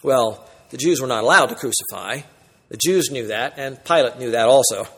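A man preaching an expository sermon, emphatic, swinging between loud exclamations and quiet, solemn asides. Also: mid-range voice, lively intonation, normal speed, breathy edge, long reverb tail.

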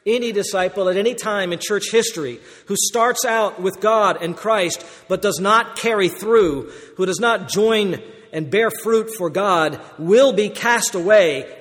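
A man's voice: sits high, fairly bright tone, big-room sound. A man preaching an earnest, explanatory sermon, stressing key words.

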